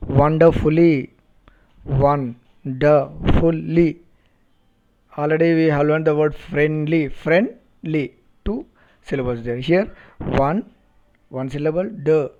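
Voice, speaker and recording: A man with an Indian English accent teaching a phonetics lesson, speaking slowly and deliberately and repeating words to model their pronunciation. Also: fairly high pitch, dark tone. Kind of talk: recorded phonetics lecture. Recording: dull lo-fi recording.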